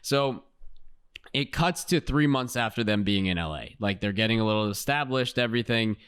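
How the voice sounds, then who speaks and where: Man retelling a movie, lively and casual. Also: lowish voice, normal speed, smooth. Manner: animated retelling with acted-out quotes and swearing. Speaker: podcast co-host. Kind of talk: casual movie breakdown chat.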